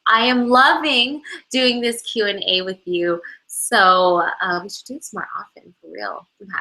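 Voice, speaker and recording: A woman fitness instructor answering fan questions in a live online Q&A over a video call, bubbly, gushing and excitable. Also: mid-range voice, unhurried, rough recording.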